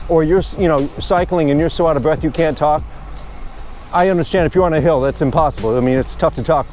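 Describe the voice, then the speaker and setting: Male vlogger, slightly high voice, chatty and rambling, outdoors on a bike, faint music under. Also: quick pace, a little mellow. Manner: chatty, rambling, good-humored. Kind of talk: casual narration while cycling.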